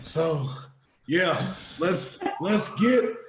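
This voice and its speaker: A man's voice: fairly high pitch, animated, drawn-out words. A man voicing a round male goblin leader who wheezes as if short of breath. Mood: gruff. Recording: echoey room with clear background noise.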